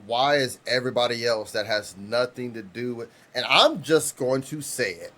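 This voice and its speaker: A man's voice: medium pitch, animated, moderate pace, pushed and bright. A man in his thirties, co-hosting a podcast, telling rambling stories with restarts and casual swearing. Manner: rambling storyteller, frequent restarts, swears freely. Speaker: podcast co-host.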